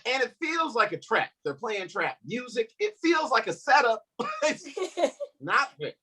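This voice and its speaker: A man's voice: very high voice, measured pace, husky. A young man doing a stand-up comedy set, telling stories and acting out the people in them. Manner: animated storytelling, acts out quoted voices.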